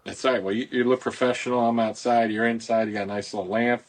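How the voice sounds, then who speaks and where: A man's voice: mid-range voice, steady tone, quick pace. A middle-aged man hosting a casual podcast, talking outdoors into a phone in a rambling, folksy promotional way. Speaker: podcast host, boat club owner.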